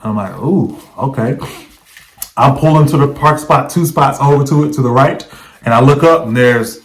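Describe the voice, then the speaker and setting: A man's voice: mid-range voice, fairly quick, poor audio. Casual man telling a story to camera. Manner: conversational, checks in with the viewer by asking "right?". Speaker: vlogger. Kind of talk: casual first-person storytelling.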